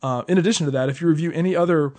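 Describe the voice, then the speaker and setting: A man hosting a gaming podcast who talks in a chatty way, stopping often with "uh" and little laughs. His voice sits a bit high for a man. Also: very fast, a little mellow. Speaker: podcast host. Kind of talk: casual chat, reading a promo.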